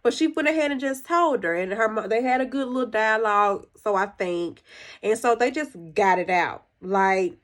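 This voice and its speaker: Casting: woman podcast host, slightly higher voice, chatty solo TV recap, voices the characters when quoting them. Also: normal speed. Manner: chatty and conversational, recounting scenes with opinions; jumps higher when acting out quoted characters. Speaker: podcast host reviewing a TV episode. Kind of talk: casual solo review chat.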